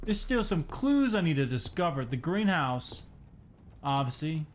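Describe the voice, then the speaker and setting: This young streamer, tired and yawning through his horror game let's play, mutters jokes to himself and jumps into sudden outbursts. He speaks unhurriedly in a slightly high voice that swings widely in pitch.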